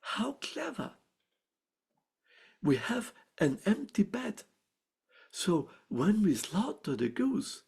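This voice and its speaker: A shrill peasant wife from a folk tale, as an Austrian man puts her on, her voice leaping high and swooping through each exclamation. The tone stays husky and gravelly underneath, and every word is stretched out slowly. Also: full character voice. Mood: scheming. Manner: shrill, excitable, drawn-out exclamations. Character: delighted scolding peasant wife, middle-aged.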